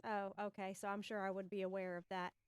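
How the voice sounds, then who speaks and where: A woman playing in a tabletop role-play game, switching in and out of character in a measured, inquisitive way. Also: medium pitch, level tone, smooth, no echo. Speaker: player.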